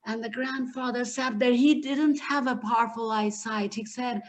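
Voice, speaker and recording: A woman telling a folktale aloud with dramatic, animated delivery. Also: a little high, moderate pace. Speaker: storyteller. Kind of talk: spoken storytelling.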